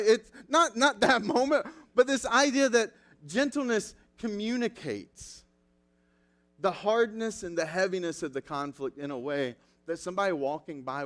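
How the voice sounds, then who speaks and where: A man preaching a sermon as pastor, telling stories with animated acted-out quotes. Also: on the high side.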